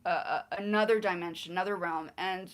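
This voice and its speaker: A woman's voice: lowish voice, fairly even intonation, fairly quick. Playful woman livestreamer coaching pronunciation. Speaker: livestream host. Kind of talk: casual livestream chat.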